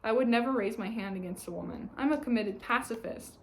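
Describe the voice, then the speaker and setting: A woman's voice: on the high side, brisk, vocal fry, a little hiss or hum, pitched above the performer's own voice. A woman reading aloud and voicing a whiny, nasal homeless man who defends himself. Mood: defensive. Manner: pleading, self-justifying.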